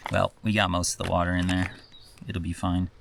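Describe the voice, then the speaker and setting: A man's voice: low voice, level tone, a little fast, vocal fry, background noise. A man chatting casually to the camera on an outdoor hike, self-deprecating and a bit tired. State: tired after long hike. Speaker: vlogger. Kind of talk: casual hiking vlog. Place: outdoors on a desert hiking trail.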